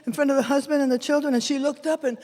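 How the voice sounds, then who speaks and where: A woman from San Jose performing a bilingual folk tale live, animated and mixing Spanish with English. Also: sits high, rapid-fire. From San Jose, California. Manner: animated, switches between Spanish and English phrases. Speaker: storyteller. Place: large event hall. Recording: echoey hall from a live event.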